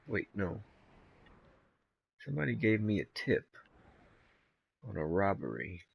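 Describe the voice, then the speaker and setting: A man with a lowish, gravelly voice talks through his gameplay in a loose, rambling way. He is laid-back and swears freely, drifting between the game and side stories. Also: sing-song, unhurried, muffled recording. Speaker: gamer. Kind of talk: casual gameplay commentary.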